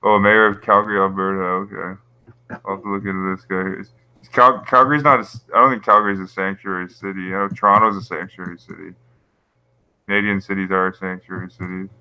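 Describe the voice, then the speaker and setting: A man's voice: deep voice, flat delivery, fairly quick, sharp tone, clean tone, dry recording, rough recording. A man hosting a casual livestream, rambling through conspiracy commentary with frequent chuckles while reading his chat. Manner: rambling, conspiratorial, laughs at his own points. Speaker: YouTube channel host.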